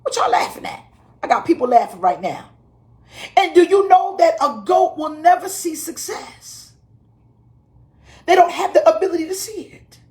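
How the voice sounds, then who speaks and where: A woman pastor preaching a livestream in a high, swooping voice. She is folksy and animated, chuckling as she goes and repeating her words for emphasis. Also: moderate pace, long pauses. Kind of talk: livestreamed sermon.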